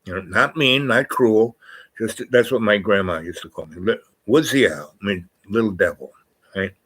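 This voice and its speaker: An older man with a fairly low voice rambles through a loose, casual monologue. He drifts between thoughts, corrects himself mid-sentence and reads bits aloud from a screen. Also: moderate pace, a bit bright, breathy edge, rough recording. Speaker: channel host.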